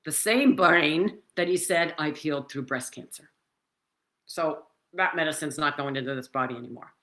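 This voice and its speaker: Speaking into a computer microphone indoors, a woman in her 70s recounts her personal story casually. She's animated and emphatic, talks with her hands, and her voice sits low at a moderate pace.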